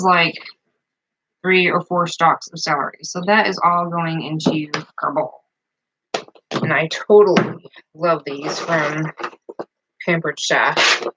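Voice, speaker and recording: Chatty woman cooking at home, noisy audio. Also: on the low side. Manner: chatty, rambling, lots of fillers. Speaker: home cook vlogger. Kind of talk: casual cooking demonstration. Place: farmhouse dining table.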